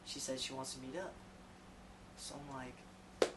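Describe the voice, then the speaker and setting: A man's voice: medium pitch, a little slow, heavy background noise. Man rambling through a comic tale. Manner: profane, rambling, self-deprecating. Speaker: storyteller. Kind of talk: casual comic storytelling.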